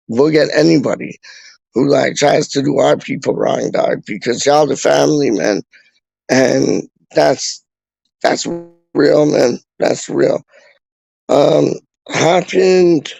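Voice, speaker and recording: Young man, gravelly, dry close sound, slangy livestream chat. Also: fairly high pitch, darkish tone, no echo, poor audio. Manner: slangy, rambling, repeats himself. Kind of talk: casual live-stream chat.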